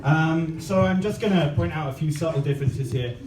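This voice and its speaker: A man's voice: fairly high pitch, a little fast, darkish tone, distant mic, a little hiss or hum. A man from England with an English accent doing a dry, self-deprecating stand-up comedy set on a club stage. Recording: echoey club from afar, audience laughter.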